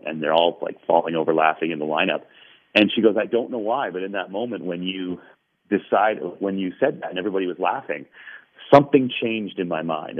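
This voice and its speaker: Low-voiced male guest spinning a story, thin phone-line audio. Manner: animated, quoting others at length. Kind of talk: telling a story in a radio interview. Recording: tinny phone-line radio sound.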